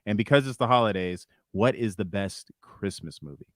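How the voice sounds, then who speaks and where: A man co-hosting a podcast, a comedian chatting casually in relaxed banter. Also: on the low side, moderate pace, no echo, studio quality. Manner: laughs often, relaxed banter. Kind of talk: casual chat.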